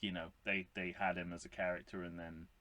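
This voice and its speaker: A man's voice: deep voice, flat delivery, brisk, sharp tone. A man co-hosting a podcast in casual chat, joking wryly with lots of restarts. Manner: wry, joking, many restarts. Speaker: podcast co-host.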